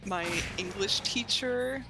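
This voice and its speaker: Chill woman co-streamer, talks slow with lots of likes, game music in the back. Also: on the high side, rough recording. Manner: laid-back, lots of filler, giggly. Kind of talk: casual gaming chat.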